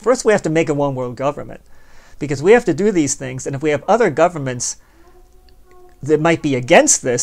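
Sardonic man, gravelly higher voice. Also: a little mellow. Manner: sardonic, plays both sides of an imagined dialogue; rambling, conversational, addresses the listener directly. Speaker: podcast host. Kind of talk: philosophical monologue.

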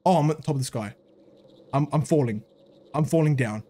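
A man's voice: fairly high pitch, a little fast, warm tone. A young man giving panicky, swearing commentary while playing horror games, jumping between fear and mocking jokes. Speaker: gaming video creator.

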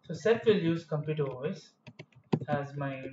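With lively intonation and a measured pace, this slightly high-voiced programming tutor walks through a screen-recorded coding lesson, rambling and correcting himself along the way. There's noise in the background, and the room has an echoey, dull sound.

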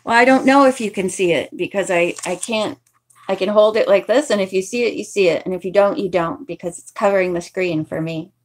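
A woman's voice: mid-range voice, fairly quick. Woman reading a book aloud casually. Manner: chatty asides. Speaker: reader.

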